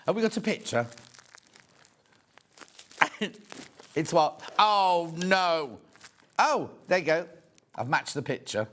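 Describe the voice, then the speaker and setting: A chatty man in his sixties hosts a live shopping broadcast. His voice sits a little high and swings up and down a lot. He banters freely with viewers and greets them as he handles the goods. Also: lively intonation, takes it slowly, pauses often, a bit bright, a little hiss or hum. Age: 60s. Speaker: shopping channel presenter. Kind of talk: live TV product selling.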